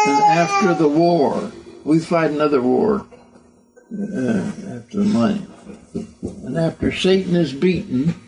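An older man preaching doctrine in an earnest, emotional way. He speaks slowly, often stumbling and repeating words, and his voice sits fairly high for a man. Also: a little mellow, rough recording. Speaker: religious teacher. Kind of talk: doctrinal sermon.

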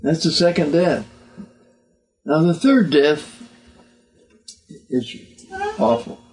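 Older man, sermon, slow, halting, repeats words, earnest. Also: fairly high pitch, animated, a little mellow, low-quality recording. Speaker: religious teacher. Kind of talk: doctrinal sermon.

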